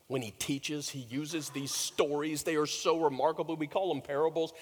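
High-voiced preacher in an echoing hall. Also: male voice, steady tone, normal speed, hardly any pauses. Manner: storytelling preacher, rising loud then dropping to hushed low tones. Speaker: pastor. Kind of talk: sermon.

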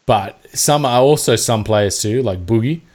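Australian male podcast co-host, lowish voice, loose and animated, swears freely. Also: unhurried. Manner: animated, swearing, acts out mock quotes. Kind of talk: casual sports chat.

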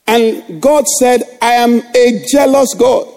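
A man's voice: extremely high pitch, takes it slowly, a little mellow. A middle-aged male pastor preaching a sermon, exhorting the congregation with rhetorical questions.

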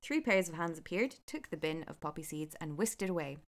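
Woman storyteller with a lower voice, relaxed and chatty between passages. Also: brisk. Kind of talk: reading a folk tale aloud with chat.

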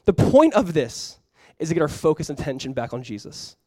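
A young man with a notably high voice preaches with animated, casual energy, talking to his congregation as if chatting with friends. The sound is dry and close, with almost no room around it. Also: brisk, dry recording. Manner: animated, conversational preaching with frequent "like". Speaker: pastor. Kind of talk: sermon.

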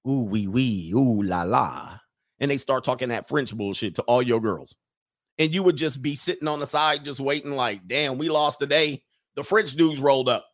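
A man hosting a live stream in casual, slangy commentary, animated, laughing often and mocking people in put-on voices. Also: medium pitch, no room sound, clean studio sound. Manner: laughs often mid-sentence.

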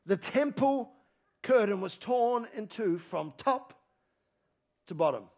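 A male pastor preaching a sermon to a congregation, repeating phrases with emphasis, swinging from loud calls to low, quiet lines. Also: lively intonation, slow pace, long pauses. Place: church hall with congregation.

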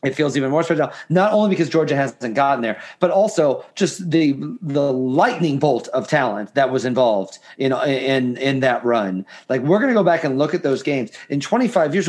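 Animated man chatting college football. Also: fairly high pitch, normal speed, few pauses. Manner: animated, many restarts and fillers. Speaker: podcast co-host. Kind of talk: casual sports chat.

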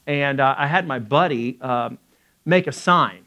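Man telling a story from the pulpit. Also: mid-range voice. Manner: lively storytelling with acted quotes and quick asides. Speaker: pastor. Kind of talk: storytelling sermon and prayer.

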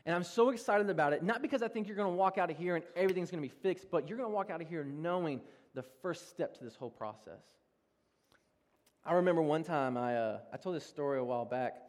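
A young male pastor preaching a sermon, telling self-deprecating personal stories in an animated way with frequent laughs. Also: fairly high pitch, fast. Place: large church hall. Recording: long reverb of a church hall.

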